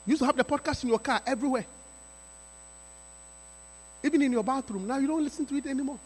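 A pastor preaching a sermon to his congregation, emphatic and repetitive, with sudden rising shouts. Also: very high voice, quick pace. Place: church sanctuary. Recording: reverberant church hall.

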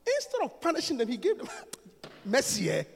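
A man preaching a sermon in a church, swinging from soft talk to shouting and laughing often. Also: very high voice, wildly swooping pitch, normal speed, gravelly, slightly rough, long reverb tail.

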